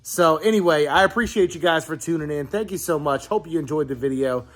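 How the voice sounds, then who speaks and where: A man vlogs while fishing outdoors at a pond, talking casually and fairly quickly in a fairly high voice on a dry recording. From southeastern Virginia, US, he is excitable and keeps exclaiming, with faint music in the background.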